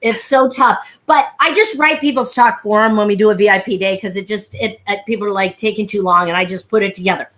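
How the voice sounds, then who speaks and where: This is an animated live-stream chat from a woman who works as a speaking coach, talking on a video call through a headset mic. She's a quick, spirited storyteller who imitates the people she quotes in a high voice.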